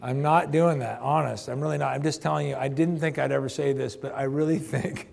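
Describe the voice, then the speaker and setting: A man's voice: medium pitch, fairly even intonation, brisk, vocal fry, a little mellow. A man in his fifties preaching a sermon, chatty and emphatic, speaking straight to his congregation. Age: 50s. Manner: conversational, emphatic, addresses congregation directly. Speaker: pastor.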